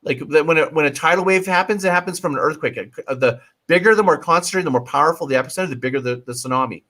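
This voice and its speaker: Man, fairly high voice, emphatic, pleading, restarts mid-sentence, swears now and then. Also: fast, a bit bright. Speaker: guest marketing coach. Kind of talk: casual livestream interview.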